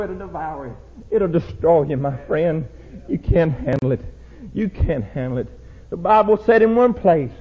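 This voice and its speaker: A young man preaching a sermon, swinging from low, quiet warnings to loud shouted exhortation. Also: animated, normal speed, hardly any pauses, slightly rough. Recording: dull lo-fi church recording.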